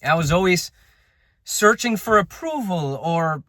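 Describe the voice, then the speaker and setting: A man's voice: high voice, expressive, a little slow, bright, forceful tone, no room sound, clean studio sound. A man giving an unscripted motivational talk as a self-improvement coach, blunt and emphatic, swearing freely.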